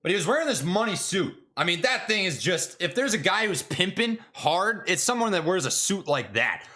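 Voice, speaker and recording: A young man chatting casually on his stock trading livestream, excitable, jokey and full of slang. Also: high voice, moderate pace.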